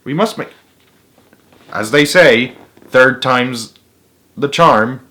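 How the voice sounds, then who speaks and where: A man's voice: mid-range voice, takes it slowly, pushed and bright. A man voicing a patient, encouraging male frog who coaxes his friend and tells spooky stories.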